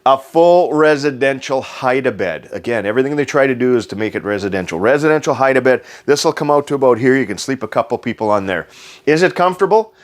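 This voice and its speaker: A man's voice: medium pitch, animated, fast. Man, RV salesman, upbeat and jokey, repeats key words, mid-range voice. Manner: enthusiastic, joking, repeats selling points. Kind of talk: casual sales walkthrough. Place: inside a travel trailer.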